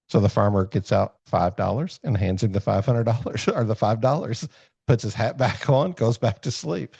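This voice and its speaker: A man's voice: on the low side, normal speed, vocal fry, darkish tone, slightly rough, no room sound. A man hosting a podcast, telling a story in a rambling, self-deprecating way with many fillers and restarts over a video call. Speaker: podcast host. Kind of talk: casual storytelling chat. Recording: dull lo-fi call audio.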